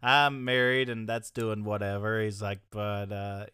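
A man's voice: on the low side, level tone, unhurried, pushed and bright, smooth, no room sound, clean studio sound. A young man co-hosting a podcast in casual chat, rambling through stories and laughing often. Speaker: podcast co-host.

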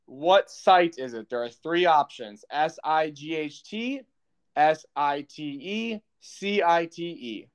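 Speaking slowly in a clean, animated voice on the high side, a young man plays quizmaster on a podcast he co-hosts. The chat is casual, his questions teasing, and he laughs frequently.

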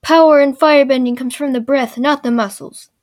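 A wise old uncle, calm and easygoing, fond of his food, as a woman quotes him in a loud, slightly higher voice. He speaks with unhurried certainty. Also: no room sound, clean studio sound, lightly acted.

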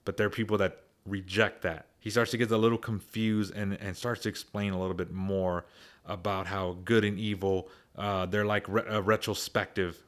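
A man's voice: lowish voice, flat delivery, normal speed. A man casually retelling a story in a loose, rambling way, often repeating words as he thinks.

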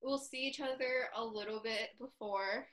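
A young woman with a high voice tells a story to a friend, animated and laughing often. She says "like" a lot. Her tone is bright and clear. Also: moderate pace. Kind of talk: casual chat.

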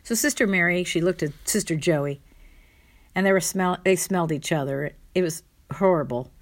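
A woman telling a personal family anecdote with wry, fond humor and playful asides. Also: low voice. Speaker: storyteller.

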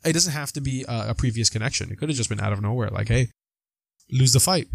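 A young man chatting casually about a film on a podcast, animated, acting out quotes from scenes. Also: mid-range voice, vocal fry, no room sound. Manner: animated, acts out lines with quick voice jumps. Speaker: podcast co-host. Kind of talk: casual movie discussion.

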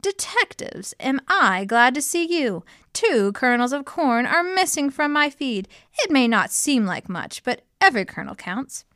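A woman's voice: high-pitched, big pitch swings, a little slow, few pauses, fairly bright tone, no echo, voice pushed up, full character voice. Casting: blustery old rooster colonel, pompous, voiced by a woman reading a storybook, dry sound. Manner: blustery, strutting.

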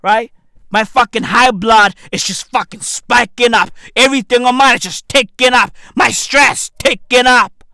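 A man in his thirties delivering a brash, profane comedic rant to camera, with bursts of shouting. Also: extremely high pitch, a little slow, dry recording, clean studio sound. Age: 30s. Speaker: vlogger.

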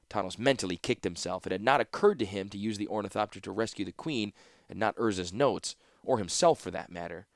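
A man narrates a fantasy audiobook in a steady, measured way. His voice sits low, and the recording is close and dry with no room around it. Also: gravelly, dry recording.

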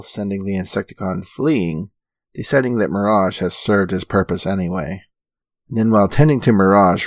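A male podcast co-host recaps plot points in a low, steady voice with a dry sense of humor. His delivery stays even and matter-of-fact. The close mic gives little room sound. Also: dry recording. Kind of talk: reading episode recap in casual chat.

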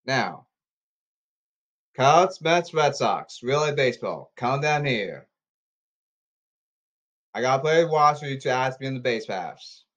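A man ranting about baseball and social media in repetitive, halting bursts. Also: medium pitch, lively intonation, fairly bright tone, muffled recording. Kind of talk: rambling ranting commentary.

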